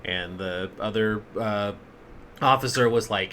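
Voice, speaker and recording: A woman's voice: rumbling low, lively intonation, moderate pace, fairly bright tone, slight background noise. A sleep-deprived woman chatting casually as a tabletop game player, telling a rambling story. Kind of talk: casual chat.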